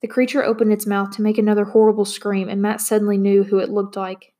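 A woman reading a novel aloud with steady, expressive storytelling. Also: medium pitch, quick pace. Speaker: narrator. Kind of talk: audiobook narration.

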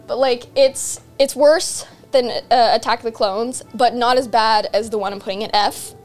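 A woman's voice: fairly high pitch, fairly even intonation, moderate pace, a little mellow, faint music behind. A woman chatting casually as co-host, rambling along with restarts. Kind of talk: casual chat.

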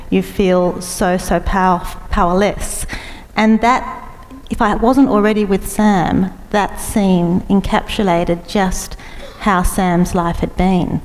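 Female interviewer, reflective, mid pitch, roomy reverb. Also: darkish tone. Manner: personal, reflective. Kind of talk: conversational interview. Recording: reverberant room.

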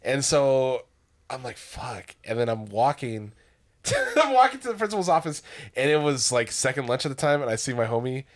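A man's voice: mid-range voice, very animated, a little fast. A young man co-hosting a podcast, telling school stories in casual chat and laughing often as he talks. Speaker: podcast co-host.

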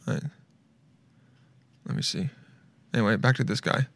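A man hosting a solo podcast in casual chat, loud and excitable, rambling and swearing freely. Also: on the low side, normal speed, pauses often, no room sound. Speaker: podcast host.

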